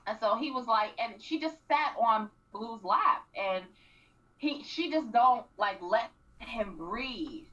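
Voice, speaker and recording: Bright animated woman on lo-fi radio. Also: on the high side, slow pace. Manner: animated, acts out quotes, frequent throat clearing. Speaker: radio show co-host. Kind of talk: casual recap chat. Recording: distant, dull lo-fi radio mic.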